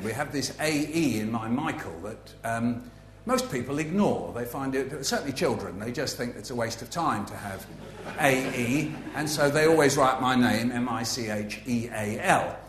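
A man speaking as an author at a festival, telling anecdotes with a playful, facetious manner and frequent asides. His voice sits in a middle pitch range and carries through a roomy hall. A faint ambient hum hangs under the talk. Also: lively intonation, normal speed, fairly bright tone. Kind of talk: humorous festival talk to a live audience. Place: festival venue with an audience.

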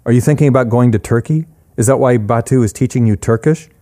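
A man's voice: mid-range voice, quick pace, dark tone, voice pushed up, lightly acted. A man voicing a shy, hesitant young male store clerk.

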